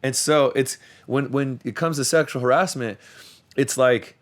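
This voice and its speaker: A man's voice: medium pitch, unhurried. A man hosting a podcast, talking in a rambling, profane casual chat and repeating words as he restarts his sentences. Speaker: podcast host; youth sports coach.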